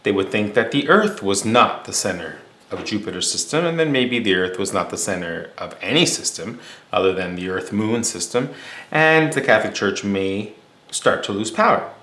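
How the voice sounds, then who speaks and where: A male teacher tells a story as a lesson in a casual, explanatory way, with fillers and restarts. His voice is on the low side and sharp, with lively intonation and a moderate pace, in an echoey room with a faint hum.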